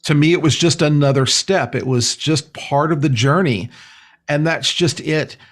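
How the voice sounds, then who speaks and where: A man's voice: fairly high pitch, moderate pace, fairly bright tone. A man being interviewed as a spiritual healer. He talks in an earnest, rambling way and fills his sentences with "you know". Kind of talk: casual conversational interview.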